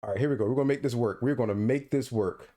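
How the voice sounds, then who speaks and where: A man's voice: medium pitch, fast, dark tone. A man co-hosting a casual podcast, teasing his friend with mock outrage and playful banter over a call. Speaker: podcast co-host.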